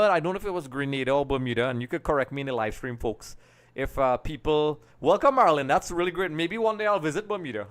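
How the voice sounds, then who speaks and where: A middle-aged man from Trinidad and Tobago with a smooth, medium-pitched voice hosts a live football watch-along stream. He chats with viewers and greets them by name, reacting to the match and getting excitable over goals.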